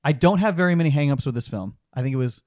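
A man's voice: a little high, expressive, rapid-fire, a little mellow, no echo, clean studio sound. A man co-hosting a podcast, giving rambling, opinionated takes on a film in casual chat and swearing freely. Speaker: podcast co-host. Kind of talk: casual movie-talk chat.

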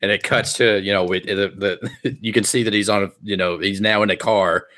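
A man's voice: lowish voice, steady tone, fairly quick, pushed and bright. A man narrating a comedic tabletop game as game master, rambling and amused.

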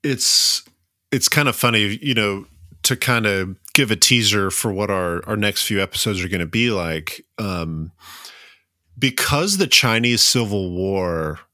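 Southern guy on a podcast, bright voice, dry close mic, lots of ums. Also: fairly low pitch, animated, unhurried, no room sound. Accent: American Southern. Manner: hesitant, with frequent "um". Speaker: podcast co-host. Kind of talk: casual history chat.

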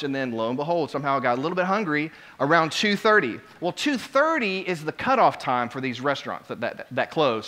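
A man preaching a sermon, telling a story with lively swings between quiet asides and loud exclamations. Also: medium pitch. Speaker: pastor.

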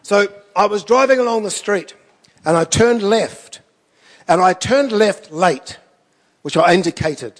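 A man's voice: sits high, unhurried, long reverb tail. A man preaching a sermon, telling stories in a conversational way with self-deprecating asides. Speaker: pastor.

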